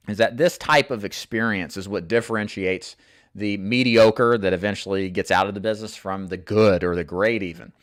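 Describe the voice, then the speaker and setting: A male insurance sales coach talks straight to camera in a casual, earnest way, with fillers now and then. His voice sits fairly low, and the recording is dry and close. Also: a bit bright, dry recording. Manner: earnest, plain-spoken, many fillers.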